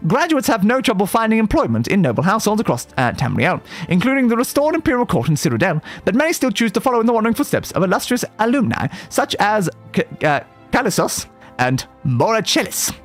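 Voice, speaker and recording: A man's voice: high-pitched, big pitch swings, quick pace, soft background music. A man reading game lore aloud on a livestream, breaking off for playful asides, stumbling over words and laughing at his own mistakes. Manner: reads aloud with playful asides and self-corrections.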